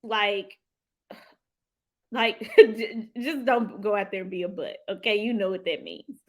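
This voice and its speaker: A woman hosting a motivational live stream. She talks in an animated, heartfelt way, lets out sudden whoops and calls her viewers "y'all". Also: medium pitch, unhurried. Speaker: livestream host and financial coach.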